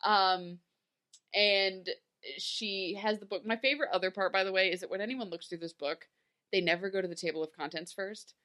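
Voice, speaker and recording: A young woman's mid-range voice moves at normal speed as she co-hosts a podcast and goes over a TV episode. The chat is casual and full of laughter, and she animatedly quotes characters using put-on voices.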